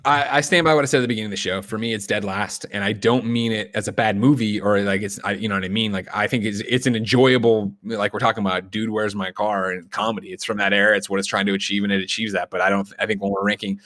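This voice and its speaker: A man with a lowish voice hosts a casual podcast. He talks in quick, opinionated bursts, close to the mic in a dry room. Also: steady tone, fairly bright tone, no room sound. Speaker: podcast host.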